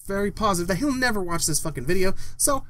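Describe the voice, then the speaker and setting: Young guy with a highish voice doing a sweary angry rant vlog, keeps repeating himself. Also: lively intonation, fast, pushed and bright. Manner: heated, profane, repetitive ranting. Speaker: vlogger.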